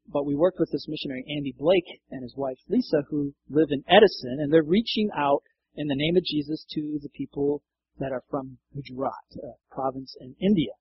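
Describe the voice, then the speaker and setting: A man's voice: a little high, lo-fi sound, a little hiss or hum. A man preaching a sermon in a conversational way, acting out quoted lines and laughing now and then. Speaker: pastor.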